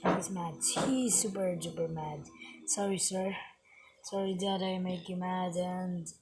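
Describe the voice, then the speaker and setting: Slow, playful female unboxer, noisy recording. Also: fairly low pitch, fairly even intonation. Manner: playful, chats to the toy figures and apologizes to them. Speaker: toy unboxer. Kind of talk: casual unboxing commentary.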